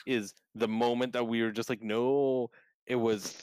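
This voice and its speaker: A man hosting a casual podcast, telling a story with lively, acted-out reactions. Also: mid-range voice, a little fast, clean tone, no echo, poor audio. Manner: animated storyteller, acts out his own reactions. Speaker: podcast host.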